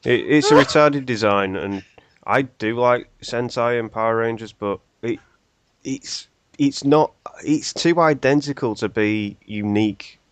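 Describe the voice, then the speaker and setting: A man's voice: medium pitch, a little slow, no room sound. Polite-sounding British man trading jabs. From Britain. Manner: blunt jokes in a polite tone. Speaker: podcast co-host. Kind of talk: casual podcast banter.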